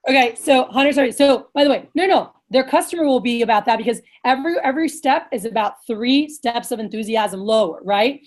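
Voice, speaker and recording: A woman coaching sales managers in a blunt, energetic, casual way, swearing now and then and acting out lively sales pitches, heard over a video call. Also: brisk, few pauses.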